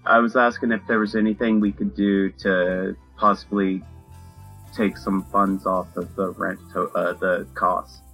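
Player, man, low husky bright voice, casual, video call. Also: level tone, measured pace, faint music behind, low-quality recording. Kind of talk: casual chat in a tabletop game.

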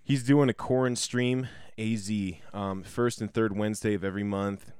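Low smooth-voiced man plugging a friend. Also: normal speed, no echo, clean studio sound. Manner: relaxed, filler-heavy, spells out names. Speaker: podcast co-host. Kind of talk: casual chat.

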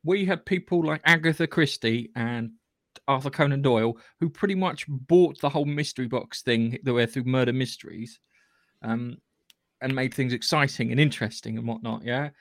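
A man's voice: medium pitch, normal speed, a bit bright, no echo, clean studio sound. A man co-hosting a podcast, blunt and sweary, often tagging his points with a questioning "yeah". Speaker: podcast co-host. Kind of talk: casual chat review.

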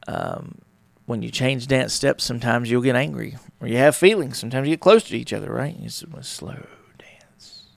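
Podcast host, male, gravelly with heavy fry, casual and rambling, dry close sound. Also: medium pitch, huge pitch swings, a little fast, hardly any pauses, no room sound. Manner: rambling, conversational, acts out little dialogues. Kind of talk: casual solo talk on relationships.

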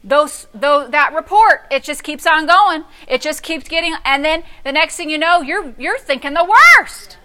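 A middle-aged woman pastor preaching a sermon, telling a story with sassy, animated delivery that swings from hushed to loud. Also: sits high, moderate pace, few pauses.

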